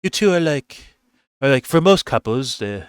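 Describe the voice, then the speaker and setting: A man's voice: mid-range voice, big pitch swings, normal speed, smooth, no room sound, studio quality, pitched above the performer's own voice, close to an everyday voice. A man voicing a smug male life coach who lectures a couple with a boat metaphor. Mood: lecturing.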